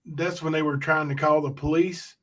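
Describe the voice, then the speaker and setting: A man's voice: fairly high pitch, flat delivery, normal speed, a bit bright. Man hosting a livestream, skeptical. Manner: interjects, skeptical, corrects details. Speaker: livestream host. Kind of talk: casual livestream chat.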